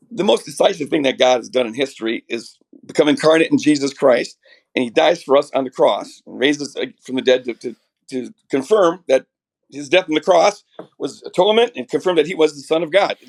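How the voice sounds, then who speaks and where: A middle-aged man with a raspy voice from a chest cold, earnestly explaining theology as a podcast guest, restarting his sentences often. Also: on the high side, expressive, brisk. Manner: earnest, builds ideas with many restarts.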